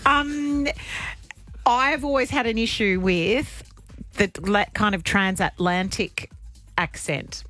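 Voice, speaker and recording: A woman's voice: medium pitch, takes it slowly, a bit bright. Chatty woman radio host. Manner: chatty, self-deprecating, laughing. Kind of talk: casual radio banter.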